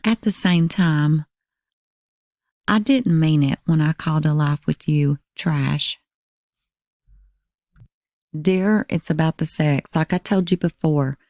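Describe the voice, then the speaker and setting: A woman narrating a crime channel, reading text messages aloud in a measured, even voice. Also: sits low, dry recording, studio quality.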